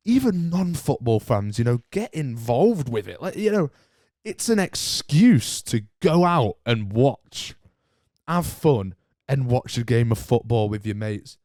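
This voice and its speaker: A man's voice: medium pitch, a little slow, no echo, clean studio sound. A young man hosting a solo podcast, chatting casually and ranting with lots of banter. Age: young adult. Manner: animated, ranting, banter-heavy. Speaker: podcast host.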